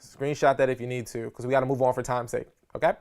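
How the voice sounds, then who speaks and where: A man teaching a live seminar on public speaking, energetic and slangy, often checking in with his audience. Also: medium pitch, fast, clear, resonant tone. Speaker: speaker coach.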